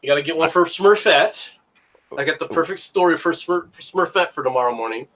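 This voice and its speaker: A man's voice: fairly high pitch, expressive, fairly quick, fairly bright tone. A man in casual banter as a co-host on a livestream, sarcastic and joking, often slipping into bits.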